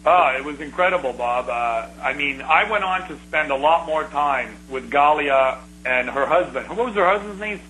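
A middle-aged man telling rambling, animated stories in a casual conversation, restarting his sentences often. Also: on the high side, moderate pace, few pauses, a little hiss or hum, rough recording.

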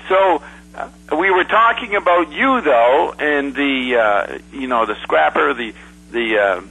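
Relaxed male host, husky voice with lively pitch, casual chat. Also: measured pace, rough recording. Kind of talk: casual conversation.

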